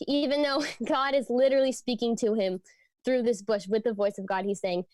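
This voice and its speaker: A woman's voice: on the high side, fairly even intonation, a little fast, darkish tone, no room sound. A young woman giving a casual youth sermon, teaching from scripture in an earnest, conversational way with lots of "like" and "um". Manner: conversational, frequent fillers like "like" and "um". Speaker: youth ministry speaker.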